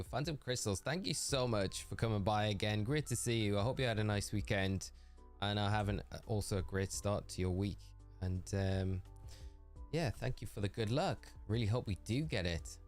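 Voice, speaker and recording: A man with a northeastern English accent, a livestreamer chatting casually while gaming, laughing often and answering viewers by name. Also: on the low side. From northeast England.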